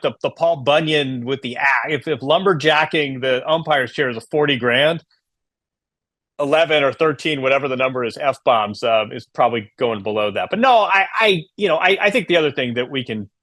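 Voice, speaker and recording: A man co-hosting a chat podcast in an ordinary mid-range voice. He talks in a measured, analytical way and drops in wry turns of phrase. The recording is dry and close. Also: medium pitch, fairly bright tone, no room sound. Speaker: podcast co-host. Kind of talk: casual chat.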